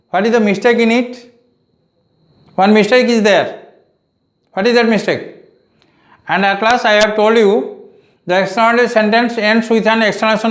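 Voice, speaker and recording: A male teacher with an Odia accent, giving a grammar lesson to pupils, repeating key phrases and asking them questions. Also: high voice. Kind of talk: slow classroom grammar lesson. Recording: echoey room.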